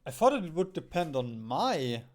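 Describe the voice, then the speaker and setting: Young male streamer, slightly high voice, unhurried thinking-aloud game commentary with chuckles. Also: very animated. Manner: muses aloud, often chuckles.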